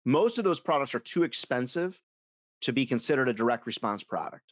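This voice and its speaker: A man leading a sales webinar for advertising reps, telling stories in an animated, self-amused way. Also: mid-range voice, fairly quick, no echo. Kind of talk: webinar talk.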